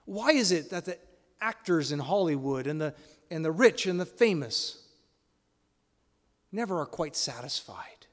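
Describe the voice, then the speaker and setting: A man preaching a sermon, leaning on rhetorical questions and swinging between loud emphatic lines and quiet, hushed ones. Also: fairly high pitch, animated, unhurried, pauses often, big-room sound.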